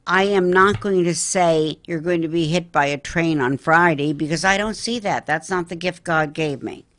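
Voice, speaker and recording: A woman's voice: lowish voice, moderate pace, fairly bright tone. A middle-aged woman from the Philadelphia area, a psychic medium telling earnest stories in an interview. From Philadelphia, Pennsylvania area. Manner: earnest, storytelling, addresses listener as honey. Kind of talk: interview talk.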